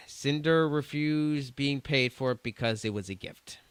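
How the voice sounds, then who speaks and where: A man's voice: mid-range voice, takes it slowly, clear, resonant tone, no echo. A man streaming, reading chat messages aloud in a casual, stumbling way with restarts and swearing.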